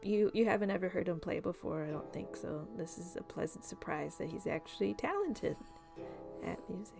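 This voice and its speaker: A woman running a tabletop role-playing game as game master, describing scenes in a measured, descriptive way. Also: fairly low pitch, animated, gravelly, over music.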